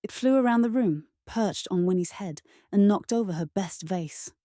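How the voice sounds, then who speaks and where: Mellow-voiced woman reading a children's story. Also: medium pitch, no echo, clean studio sound. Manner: gentle, measured read-aloud delivery.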